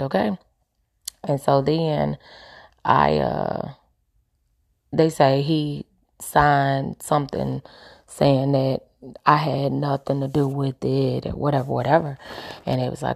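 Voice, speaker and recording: A woman's voice: very deep voice, moderate pace, creaky, darkish tone. A woman telling a personal story candidly, emphatic and repeating her points with preachy asides.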